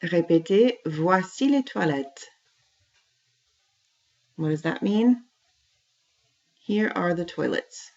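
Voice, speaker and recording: A woman teaches a French class at an unhurried pace. Her voice sits low and she walks students through each phrase with patience. The recording sounds dull and lo-fi. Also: dark tone. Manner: slow, patient, repeats French phrases and translates them. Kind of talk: classroom language lesson.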